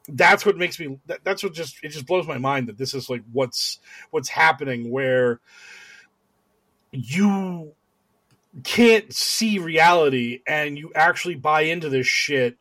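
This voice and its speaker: A man's voice: on the high side, sharp tone, no echo. A man co-hosting a podcast, chatting casually in a sarcastic, ranting way, with many fillers and restarts. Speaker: podcast co-host. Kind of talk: casual political banter.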